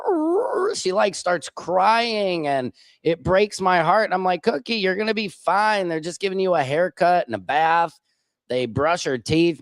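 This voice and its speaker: A man's voice: medium pitch, no room sound. A man hosting a casual livestream, rambling chattily and reading viewer comments aloud. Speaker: livestream show host.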